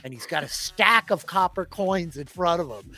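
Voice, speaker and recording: A woman's voice: fairly low pitch, animated, normal speed, bright, forceful tone, faint music behind. A woman running a tabletop game as dungeon master, narrating in a casual, rambling way. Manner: casual, rambling, lots of fillers.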